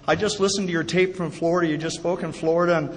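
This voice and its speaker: A man with a fairly high voice tells a personal recovery story at a meeting. He talks in a chatty, self-deprecating way and keeps slipping jokes in. The live hall adds a long, ringing reverb behind his words. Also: fairly even intonation, fast. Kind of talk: personal recovery talk to an audience. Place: meeting hall before an audience.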